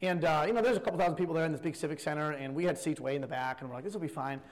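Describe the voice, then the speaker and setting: A man in his thirties preaching a sermon, telling stories in a lively, rambling way with lots of fillers. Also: a little high, very fast, long reverb tail, poor audio. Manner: animated, rambling storyteller with many fillers. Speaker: youth pastor turned preacher. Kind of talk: sermon with storytelling.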